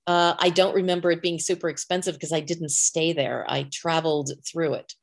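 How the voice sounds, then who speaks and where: A woman's voice: low-pitched, steady tone, a little fast. A woman co-hosting a casual chat podcast, chatty and laughing often. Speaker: podcast co-host.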